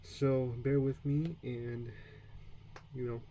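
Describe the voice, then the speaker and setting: A man's voice: medium pitch, fairly even intonation, slow pace, dull audio, slight background noise. A man from the United States casually talking through his beginner French practice, rambling and self-deprecating with many fillers and restarts. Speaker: language learner streaming his practice. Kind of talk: casual self-study stream, practicing French sounds aloud.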